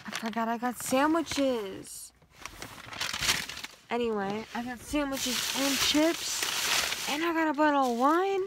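A young woman vlogger chats casually at home, rambling, poking fun at herself and using plenty of fillers. Her high-pitched voice moves slowly, with long pauses. It's a noisy home recording made indoors.

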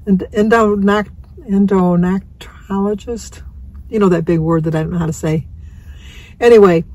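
A woman's voice: mid-range voice, a little mellow, poor audio. A woman vlogging from her car while driving, chatting in a rambling way, laughing often and stumbling over long words. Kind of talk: casual chatty vlog.

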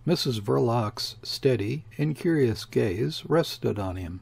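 A man reading a classic novel aloud as an audiobook narrator, in a measured, steady delivery. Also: mid-range voice, vocal fry, breathy edge. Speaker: audiobook reader. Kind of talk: scripted narration.

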